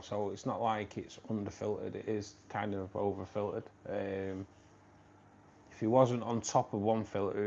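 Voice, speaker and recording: A man's voice: on the low side, darkish tone, slight background noise. Chatty Mancunian man, dull lo-fi stream. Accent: Manchester. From Manchester, England. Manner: rambling, repeats phrases, says "mate" a lot. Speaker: live stream host. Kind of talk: casual live-stream chat with viewers.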